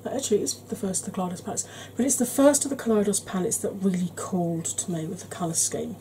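Lady rambling on about her makeup, relaxed voice, goes quiet and whispery now and then. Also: mid-range voice, fast, a little hiss or hum, low-quality recording. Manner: rambling, conversational, drops to soft whispers at times. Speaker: beauty channel host. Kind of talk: chatty makeup tutorial.

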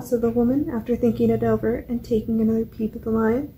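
A woman reading a children's book aloud at a library storytime, with a steady, clear delivery. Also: a little high, quick pace, slight background noise, poor audio. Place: public library.

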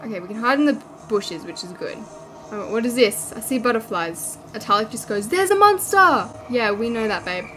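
An Australian woman commentating a video game she is playing. She is excitable, shrieking and joking as she goes. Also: medium pitch, a little fast. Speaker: gaming YouTuber. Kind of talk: let's play commentary. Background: game music.

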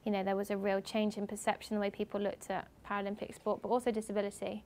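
A young woman from England speaks at a university lecture as a guest speaker. She tells her stories with animation and acts out other people's lines as she goes. Her voice sits at a middling pitch. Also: completely flat delivery, fast, darkish tone. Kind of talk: lively talk to students.

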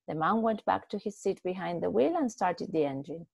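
A woman reading a short story aloud in a steady, expressive way, with a few small slips. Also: lowish voice, moderate pace, gravelly, few pauses, slightly rough, dry recording. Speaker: story reader.

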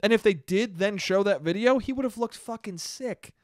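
A man's voice: high-pitched, moderate pace, no room sound, studio quality. A man hosting a casual solo podcast, ranting with frequent laughter and casual swearing. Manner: laughs often, swears freely, animated. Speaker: podcast host.

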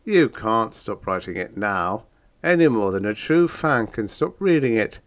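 Brief: wisecracking bug-eyed male monster, voiced by a male reader for an audiobook, breezy, matter-of-fact, lively lilt. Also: on the low side, measured pace. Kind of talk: audiobook character voice.

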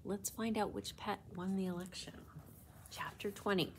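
A children's librarian reading a storybook aloud in a library children's room, in clear, steady storytelling. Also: female voice, medium pitch, normal speed, slight background noise. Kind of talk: children's book read-aloud.

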